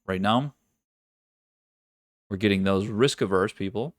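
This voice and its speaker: A man's voice: fairly low pitch, a little slow, no echo, clean studio sound. A man hosting a live trading stream, talking casually through market analysis with frequent restarts and the odd curse. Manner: casual, profane, thinks aloud with many restarts.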